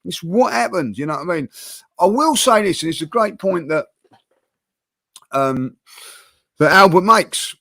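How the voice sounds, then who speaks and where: A fan-channel host debates football in a somewhat high, gravelly voice, talking with animated passion amid fillers and restarts. He keeps a measured pace broken by long pauses. The audio is dry with no room echo.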